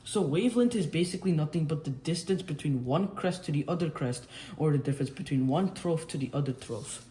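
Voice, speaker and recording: A man's voice: fairly high pitch, animated, brisk, few pauses, mellow, echoey room. Young man, casual tutor, self-correcting, faint background noise. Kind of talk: whiteboard explainer lesson.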